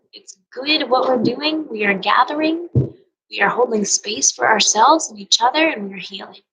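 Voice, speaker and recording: Woman yoga teacher talking slow and heartfelt, kinda husky, goes soft and whispery sometimes. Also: high-pitched, poor audio. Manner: earnest, emotional, drifts into soft near-whispers. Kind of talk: personal motivational monologue.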